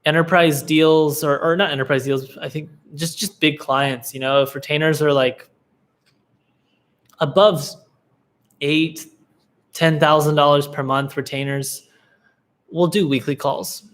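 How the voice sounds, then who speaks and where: A man's voice: a little high, steady tone, measured pace, long pauses, a bit bright. A laid-back young man hosting a live Q&A, giving casual business advice with lots of fillers and restarts. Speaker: livestream Q&A host, agency coach.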